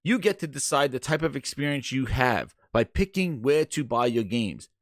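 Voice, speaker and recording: A man's voice: medium pitch, animated, moderate pace, no room sound, clean studio sound. A man hosting a gaming channel, doing crude, joking commentary.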